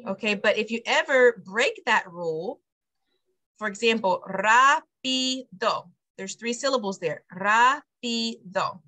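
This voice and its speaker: Woman, bright tone, online language lesson, explains and repeats phrases. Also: mid-range voice, lively intonation, normal speed. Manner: explains step by step, repeats phrases after the teacher. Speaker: preschool director teaching Spanish to parents. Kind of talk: online Spanish lesson for parents. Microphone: video call.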